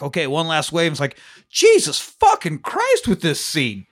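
A man's voice: on the high side, very animated, normal speed, a bit bright. A man co-hosting a podcast, recapping a film in casual chat, swearing freely and laughing often. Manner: profane, jokey, laughs often, acts out scenes. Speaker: podcast co-host.

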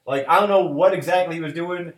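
A man in his thirties, a cook, tells a story in loose, profane chat, acting out both sides of a quarrel. His voice sits a little high. The room around him rings with echo. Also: fast. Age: 30s. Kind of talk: casual chat.

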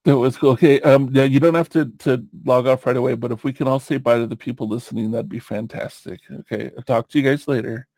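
A man's voice: mid-range voice, fairly even intonation, fast talker, few pauses, darkish tone, no room sound. A man hosting a podcast, chatting casually in a rambling way, with lots of fillers and easy laughs. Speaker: podcast host.

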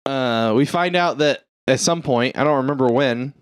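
A man's voice: mid-range voice, moderate pace, smooth, no room sound. A man co-hosting a podcast, recapping a film in casual chat. He rambles, swears and jokes. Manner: rambling, profane, jokey storytelling. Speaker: podcast co-host.

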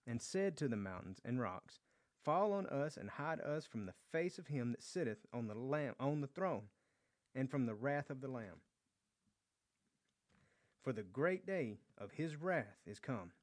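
A man's voice: medium pitch, expressive, unhurried. A man leading a verse-by-verse Bible study, reading scripture aloud and explaining it in a conversational way, often repeating words and restarting phrases. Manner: reads scripture aloud, then explains it conversationally with acted quotes. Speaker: Bible teacher.

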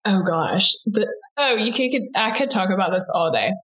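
A woman's voice: medium pitch, big pitch swings, fairly bright tone. Chatty young Southern US woman. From American South. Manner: chatty, quick-talking, many likes and restarts. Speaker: interview guest, aspiring broadcaster. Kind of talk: casual interview chat.

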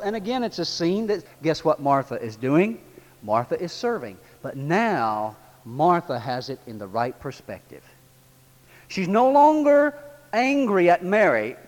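A man preaching a sermon in an animated way, swinging from low, quiet stretches up to loud, high passages. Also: in a large hall.

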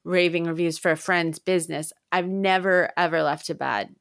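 A woman co-hosts a comedy podcast. She tells her stories in a chatty, lively way and gets more animated as she retells them. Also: lowish voice, moderate pace, vocal fry, dry recording, clean studio sound. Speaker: podcast co-host. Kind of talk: casual comedy podcast chat.

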